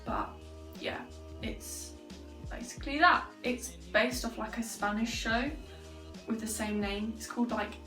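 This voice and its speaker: A chatty young woman talks to camera in a loose, rambling way, full of fillers and dry little jokes. Her voice sits fairly high for a woman. She sounds a step back from the mic in a roomy, echoing space, with faint music underneath. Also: far from the mic. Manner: rambling and chatty, many fillers, joking asides. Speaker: vlogger. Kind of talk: casual chat to camera.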